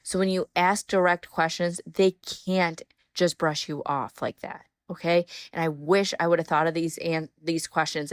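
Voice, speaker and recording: A woman who is a mom, hosting a solo podcast, giving direct advice in a coaching manner and repeating key phrases slowly. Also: low-pitched, no room sound, studio quality. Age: young adult or middle-aged mom. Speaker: podcast host.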